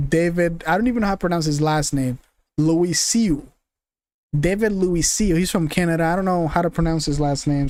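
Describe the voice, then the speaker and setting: A man's voice: fairly high pitch, darkish tone, no echo. Rambling young man streaming, swearing and laughing. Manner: rambling, laughs often, swears, forgets names. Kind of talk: casual live-stream commentary.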